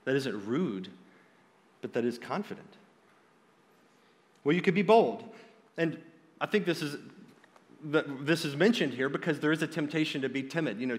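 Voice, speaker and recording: A man's voice: medium pitch, in a large hall. A man preaching a sermon in an earnest, direct way, often restarting his phrases.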